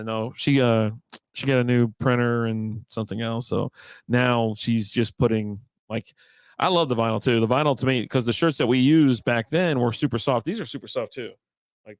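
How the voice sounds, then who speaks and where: A man hosts a laid-back podcast, greeting viewers and chatting about sports. He laughs often and teases his co-host. His voice sits at a middle pitch with a dry, close sound. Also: smooth, dry recording. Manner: laughs often, teasing banter. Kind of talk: casual chat.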